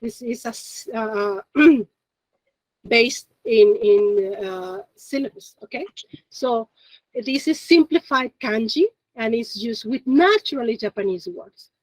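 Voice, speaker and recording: A woman's voice: on the high side, slow pace, no room sound, low-quality recording. A woman teaching a beginner Japanese class, explaining step by step in a chatty way and laughing often. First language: Spanish. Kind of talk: classroom lesson.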